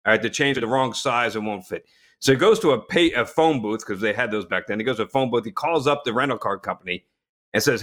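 A man hosting a casual chat, telling a story in a relaxed way with frequent restarts. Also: medium pitch, fast talker.

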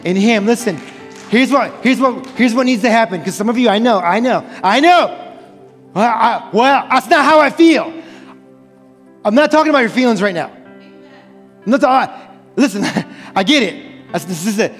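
A man's voice: sits high, animated, normal speed, long reverb tail, soft background music. A man preaching a sermon as pastor, impassioned and repeating phrases for emphasis. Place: church sanctuary.

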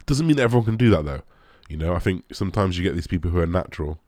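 A young man with an extremely low, deep voice rambles through viewer questions in an easygoing chat, leaning on "like" and dropping swears. The sound is close and dry, with no room around it. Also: lively intonation, very fast, a little mellow, no room sound. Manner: rambling, lots of "like", swears casually. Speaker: bodybuilder answering viewer questions. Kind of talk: casual Q&A chat.

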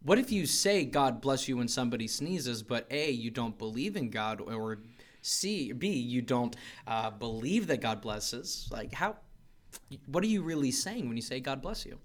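A man in an everyday middle register, co-hosting a relaxed Bible discussion. He talks things through out loud, leaning on emphasis as he works his way to a point. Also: medium pitch, measured pace. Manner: conversational, emphatic, thinks aloud. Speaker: podcast co-host.

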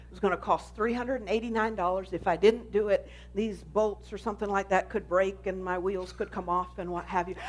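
A woman pastor giving an animated sermon testimony, telling her story with emphasis. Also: mid-range voice.

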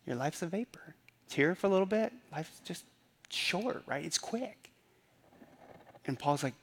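A man's voice: on the high side, expressive, unhurried, pauses often, husky. A man preaching a sermon in a conversational way, often repeating phrases and asking rhetorical questions. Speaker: pastor.

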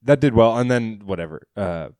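A man's voice: lowish voice, brisk, smooth, dry recording, clean studio sound. A man, a comedian and podcast co-host, telling a story in casual chat, acting out quotes and swearing freely. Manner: animated storyteller, acts out quotes, swears a lot. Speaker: podcast co-host, stand-up comic.

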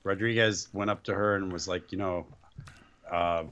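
Male co-host, low-pitched with a bright, punchy tone, reactive banter. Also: steady tone, muffled recording. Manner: chiming in with quick reactions. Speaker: wrestling podcast co-host. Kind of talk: casual chat.

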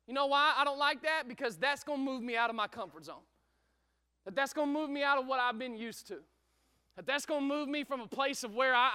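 Male pastor, energetic call-and-response sermon, very high tense voice, dry sound. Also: clear, resonant tone, dry recording. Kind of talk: preaching a sermon to a congregation.

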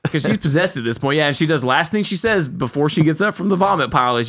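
A man co-hosting a casual podcast, rambling through retellings with frequent restarts and quick self-corrections. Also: a little high, lively intonation, fairly bright tone. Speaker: podcast host. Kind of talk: casual chat about a horror film.

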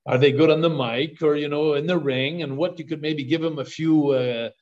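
Older man, podcast guest; eager, restart-heavy storyteller, slightly higher voice, muffled remote audio. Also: moderate pace. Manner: excited storyteller, repeats words on restarts. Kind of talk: storytelling interview talk. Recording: dull lo-fi call audio.

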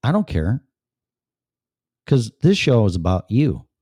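A man's voice: fairly low pitch, very animated, a little slow, mellow, slightly rough, dry recording, clean studio sound. A man hosting his own talk show, reading a chat room aloud and answering it in a blunt, sarcastic way with plenty of swearing.

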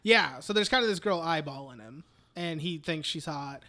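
A man's voice: on the high side, lively intonation, normal speed, sharp tone. A man co-hosting a casual podcast, retelling movie scenes in a rambling, profane way and slipping into mock quotes. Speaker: podcast co-host.

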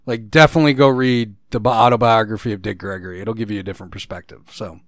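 A young man co-hosting a podcast, casual and rambling, his sentences trailing off softly. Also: fairly low pitch, steady tone, fast talker, dry recording, clean studio sound. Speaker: podcast co-host. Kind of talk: casual chat.

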